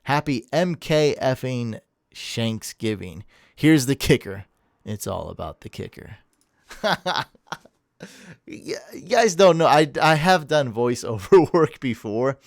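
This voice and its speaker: A man's voice: mid-range voice, big pitch swings, takes it slowly, vocal fry, no room sound, clean studio sound. A man hosting a sports podcast, chatting casually and energetically, rambling and laughing at himself. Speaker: podcast host. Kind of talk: casual chat.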